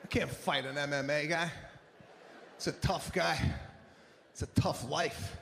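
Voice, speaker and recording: A male stand-up comedian doing a live routine, telling stories in an animated, exasperated way with big swings in voice. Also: fairly high pitch, a little slow, vocal fry, a little hiss or hum. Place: theater stage before a live audience. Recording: echoey live venue with long reverb.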